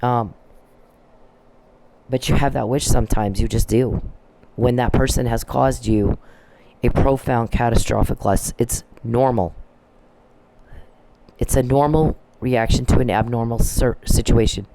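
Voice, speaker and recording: A woman's voice: very deep voice, fairly even intonation, unhurried, pauses often, mellow, slight background noise, rough recording. A woman vlogger in a heated personal rant, blunt and profane, often stopping and restarting her sentences. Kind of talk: angry personal rant to camera.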